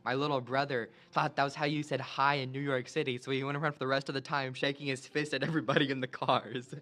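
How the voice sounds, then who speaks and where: A young man chatting casually as a podcast co-host, telling animated stories and laughing often. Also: medium pitch, fast, hardly any pauses. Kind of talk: casual chat.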